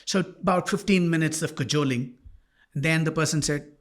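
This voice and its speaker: A man's voice: a little high, normal speed. A male life coach and podcast host telling a story in a monologue, animatedly acting out both sides of a dialogue.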